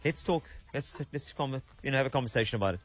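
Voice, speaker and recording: A man's voice: medium pitch, lively intonation, quick pace, slightly rough, faint music behind. A man hosting a radio call-in, teasing and gushing over his caller. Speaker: radio host.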